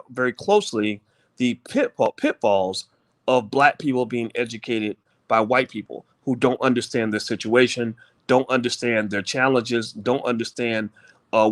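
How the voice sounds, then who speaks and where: A middle-aged man talks straight to his viewers in a loose, rambling monologue. His voice sits at a medium pitch, and he hammers his points home with preachy emphasis. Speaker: channel host.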